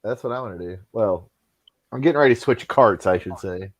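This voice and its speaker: A man's voice: lowish voice, fairly quick, slightly rough. A man hosting a casual live stream, talking in a loose, joking and profane way. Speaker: host.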